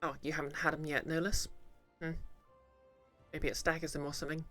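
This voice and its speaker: A man's voice: a little high, flat delivery, brisk, sharp tone, faint music behind. A man streaming a game, chatting casually and jokingly while reading the game text aloud.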